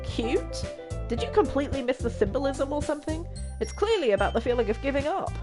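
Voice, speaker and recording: A woman reading aloud as a bratty, fiery teenage girl who snaps and scoffs in a high, loud voice. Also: sing-song, a little fast, over music. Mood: indignant. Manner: snappy, scornful, high and loud.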